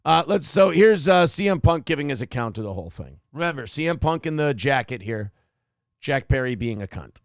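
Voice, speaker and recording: A man's voice: mid-range voice, very animated, fairly quick, gravelly, no echo, clean studio sound. A man hosting a morning show, giving crude, mocking commentary over video clips, getting worked up.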